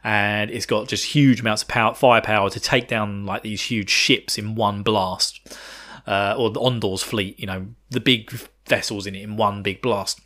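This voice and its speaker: A man's voice: on the low side, fairly even intonation, normal speed, a bit bright. A man hosting a podcast, recapping a video game in casual, irreverent chat with swearing and chuckling asides. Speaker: podcast host.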